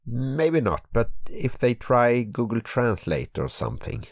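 A man with a Swedish accent, Swedish his first language, co-hosting a podcast in English, groggy from just waking up and halting and hesitant with the language. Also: mid-range voice, big pitch swings, no echo, studio quality. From Sweden. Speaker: podcast co-host. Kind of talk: casual podcast chat. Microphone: podcast microphone.

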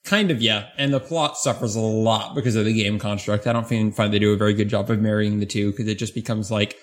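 A man's voice: lowish voice, steady tone, fast. Easygoing male podcast host. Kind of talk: casual chat.

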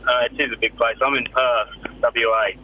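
A man's voice: mid-range voice, flat delivery, normal speed, pushed and bright, muffled recording, a little hiss or hum. A man in his twenties with an English accent and a slight Australian twang, phoning in sheepishly from his car. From England. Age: 20s. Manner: sheepish, laughs things off. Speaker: caller.

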